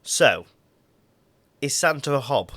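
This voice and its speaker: A man with a Yorkshire accent who talks with a lively, bouncing pitch as he trades banter with his co-host. The sound is close and dry, with no room around him, and he keeps a teasing tone in casual podcast chat. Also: slow, no echo.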